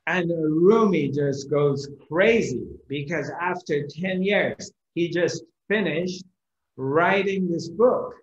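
A man's voice: on the high side, takes it slowly, roomy sound, dull audio. A man giving a spiritual discourse, telling a story animatedly and acting out the characters. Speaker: spiritual teacher.

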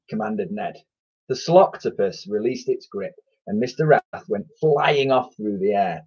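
A man's voice: on the low side, measured pace, darkish tone, husky. A man with an English accent, a primary school teacher, reading a children's story aloud in a chatty way with fillers and self-corrections, recorded at home on a computer mic. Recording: dull lo-fi sound.

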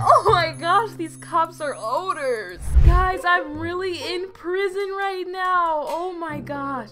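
A woman's voice: very high voice, expressive, takes it slowly, hardly any pauses, a bit bright, soft background music. Chatty, exasperated young woman. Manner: chatty and exasperated, with slangy asides. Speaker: game role-play creator. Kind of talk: casual game role-play narration.

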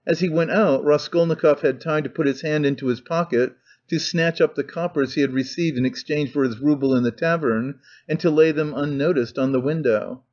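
Male audiobook narrator, fairly high voice, measured reading, dull lo-fi sound. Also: darkish tone. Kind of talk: scripted narration. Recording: dull lo-fi recording.

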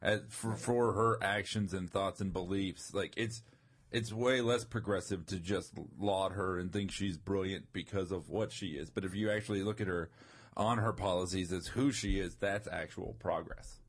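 A male comedian guest on a podcast roundtable, riffing quickly and wryly. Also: sits low, slightly rough. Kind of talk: casual comedy roundtable chat.

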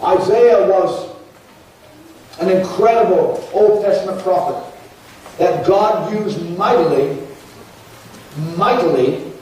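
A pastor with a high, somewhat dark-toned male voice preaches a sermon in a church, earnest and repetitive, his words building into pleading prayers. He is heard from a distance in an echoey church with faint ambience and slight background noise.

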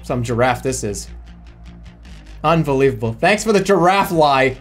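A man streaming a game, ranting in an exasperated, animated way with lots of swearing. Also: mid-range voice, moderate pace, faint music behind. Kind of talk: live game streaming rant.

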